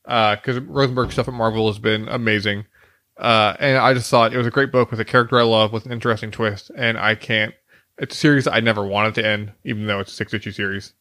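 A man's voice: fairly low pitch, steady tone, quick pace, bright, forceful tone, dry recording. Rambling male podcast co-host, dry close sound. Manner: rambling, hesitant, lots of fillers. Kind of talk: casual chat.

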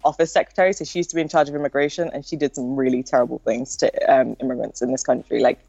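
A woman's voice: a bass voice, fairly even intonation, rapid-fire, gravelly, darkish tone, slightly rough, no echo. Casting: woman from the UK, casual candid talker, laughs a lot, dull muffled recording, dry sound. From United Kingdom. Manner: candid, laughs often, nihilistic. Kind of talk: casual political chat.

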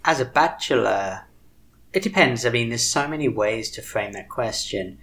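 A man's voice: mid-range voice, animated, moderate pace, fairly bright tone. A man co-hosting a podcast, telling a story in casual chat. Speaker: podcast co-host.

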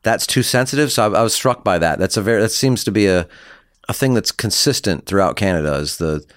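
Laid-back comedian, low dry voice. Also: male voice, lively intonation, fast talker, dry recording. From American South. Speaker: touring comedian guest. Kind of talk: casual chat.

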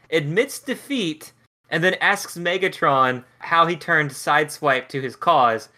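Wry guy chatting about a book, kinda high voice, super bright tone, laughs a lot. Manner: wry, incredulous, laughs often. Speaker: podcast co-host. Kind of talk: casual book review chat.

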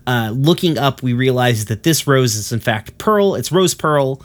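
A man's voice: medium pitch, animated, unhurried. A man casually retelling a cartoon episode in a rambling way, with lots of fillers and the odd swear word.

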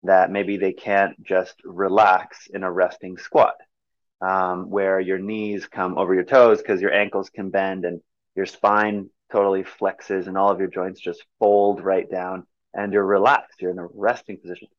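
A man's voice: deep voice, level tone, measured pace, no echo, highs cut off. A man talking as a movement coach in an interview, explaining eagerly with many fillers and restarts. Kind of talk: conversational interview.

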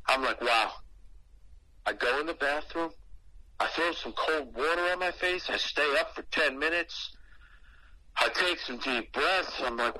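A man's voice: a little high, measured pace, long pauses, low-quality recording. A man casually telling a personal story, profane and slangy, acting out what he said back then. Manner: profane, slangy and animated, acting out his own past words.

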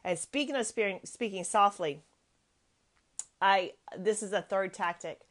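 A woman's voice: medium pitch, measured pace. A woman in her thirties with a mid-range voice hosts a parenting podcast in a chatty, motivational way. She leans hard on her main points and says them over again for effect. Her tone stays earnest and conversational. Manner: emphatic, repeats key phrases, conversational and earnest. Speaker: podcast host.

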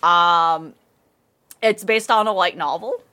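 A woman's voice: on the low side, slow pace, sharp tone. A woman in casual anime review chat, rambling, swearing, and laughing often.

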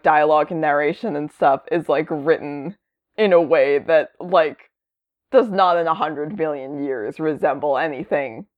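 A woman in casual podcast chat about comics, rambling with many fillers and lively quoted voices. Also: lowish voice, lo-fi sound.

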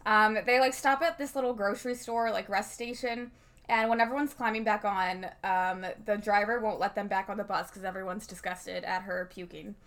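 A woman's voice: medium pitch, steady tone, moderate pace, a bit bright. A woman co-hosting a casual recap chat, blunt and sarcastic, swearing freely and laughing often. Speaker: podcast co-host.

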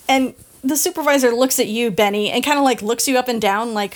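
A woman running a tabletop game as game master, narrating with frequent laughs and halting fillers. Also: on the high side.

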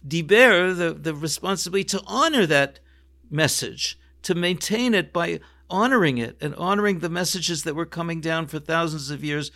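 A man's voice: a little high, expressive, moderate pace, bright, forceful tone. A man in his sixties, a rabbi, telling a personal family story reflectively in an interview, restarting sentences and quoting Hebrew phrases.

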